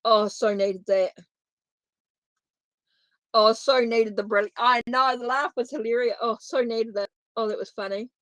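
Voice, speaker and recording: Tarot reader, woman, a touch high, casual and chatty with viewers, dry close sound. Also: steady tone, measured pace, long pauses, fairly bright tone, no echo. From New Zealand. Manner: chatty and informal, talks straight to viewers. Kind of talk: live tarot reading chat.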